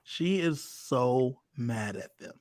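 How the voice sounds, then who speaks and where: A man's voice: medium pitch, lively intonation, darkish tone, no echo. A man co-hosting a casual podcast, talking emphatically about the show. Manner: emphatic, quick to agree. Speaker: co-host. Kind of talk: casual podcast recap chat.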